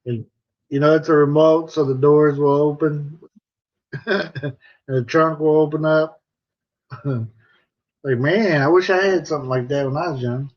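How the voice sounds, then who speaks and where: A man's voice: a little high, steady tone, a little slow, pauses often, highs cut off. A middle-aged American man chatting casually on a live stream, joking and reading viewer comments aloud. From United States.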